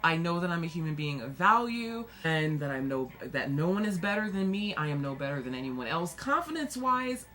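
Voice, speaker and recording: A young woman talking casually to camera in a vlog, animated and excitable, often laughing and jumping up high, with a self-deprecating, dark sense of humor. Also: fairly quick, few pauses. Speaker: vlogger.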